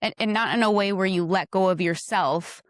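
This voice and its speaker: A woman's voice: mid-range voice, moderate pace, no room sound, clean studio sound. A woman who is a podcast guest, talking frankly about her marriage and giving direct advice, acting out little dialogues. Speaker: podcast guest, wife of host. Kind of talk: casual chat.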